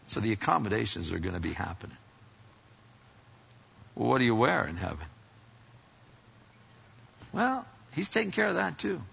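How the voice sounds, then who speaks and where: A man preaching a sermon as pastor, in an animated, folksy way that swings between loud exclamations and hushed asides. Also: mid-range voice, moderate pace, vocal fry, long pauses, breathy edge. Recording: dull lo-fi sound.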